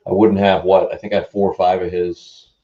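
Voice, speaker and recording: A man's voice: sits low, little pitch movement, fairly quick, warm tone, highs cut off. A man co-hosting a casual livestream chat, rambling and easygoing.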